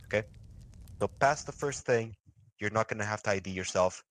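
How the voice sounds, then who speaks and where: A young man with a fairly low voice, a milsim instructor, walks a trainee through radio procedure at normal speed in a casual training session. His manner is relaxed and loose, with restarted sentences and offhand swearing, over a faint background hiss.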